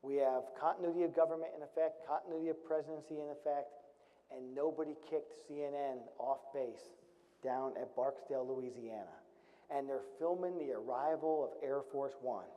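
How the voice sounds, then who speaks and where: A man's voice: medium pitch, fairly even intonation, moderate pace, warm tone. A middle-aged man, a retired Marine officer, telling a serious story from his service in a storytelling talk, with wry, dry humor. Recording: dull recording with long hall reverb.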